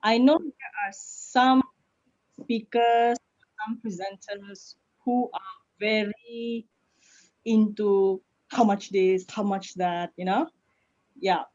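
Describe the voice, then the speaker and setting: A woman with a Malaysian accent, a public speaking coach answering questions in an online session, lively and laughing easily. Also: mid-range voice, slow. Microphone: video call. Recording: lo-fi video call audio.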